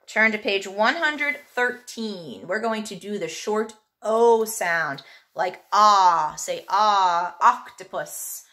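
Woman teacher, slow and patient, bright clear tone, encouraging, early-grade phonics lesson. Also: mid-range voice. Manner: slow, clear, encouraging, drawn-out vowel sounds.

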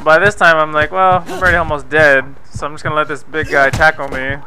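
A man's voice: a little high, level tone, fast, crowd noise, low-quality recording. A young man giving playful, profane commentary over his gameplay footage, mocking and teasing the characters on screen. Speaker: gameplay video host. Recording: background noise under the voice.

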